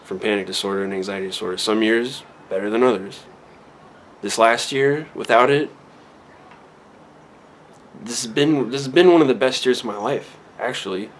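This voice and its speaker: A man's voice: on the low side, normal speed, pauses often, slight background noise. A man in his thirties talking candidly in a personal vlog at home, reflective and rambling, with many restarts and fillers. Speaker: vlogger. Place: a room at home.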